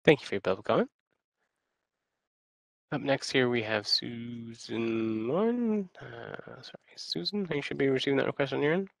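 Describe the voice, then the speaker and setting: A man's voice: medium pitch, moderate pace, vocal fry, dry recording. A man moderating a public meeting, making brief formal announcements. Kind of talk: procedural announcements.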